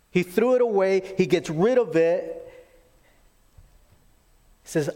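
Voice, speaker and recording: A man preaching a sermon, animated in his storytelling and acting out the quoted voices. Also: high-pitched, measured pace, pauses often. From lived in Texas. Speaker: pastor.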